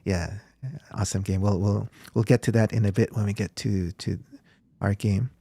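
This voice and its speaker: A man's voice: lowish voice, steady tone, normal speed, creaky, dark tone, dry recording. A man hosting a casual sports podcast, reading out viewer comments and laughing often.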